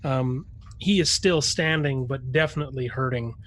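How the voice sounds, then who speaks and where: A man acting as game master, describing the fight in a mid-pitched, everyday voice. He talks haltingly, stopping and restarting often. A faint hiss sits behind him. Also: fairly bright tone. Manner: halting, with many fillers and restarts. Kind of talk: narrating a tabletop game.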